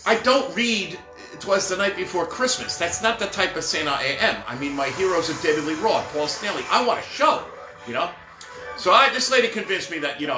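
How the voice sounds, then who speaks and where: A middle-aged man with a high, animated voice talks briskly, spinning rambling stories about his years working as a Santa performer. He packs in asides and fillers like "right?" and "whatever" in this casual monologue, recorded in a roomy, echoing space with faint music behind him.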